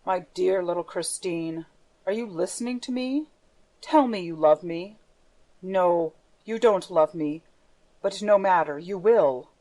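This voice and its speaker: A woman's voice: on the low side, a little slow, warm tone, natural voice, poor audio. A woman reading the part of a menacing masked male phantom, with a theatrical, darkly playful manner. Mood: brooding.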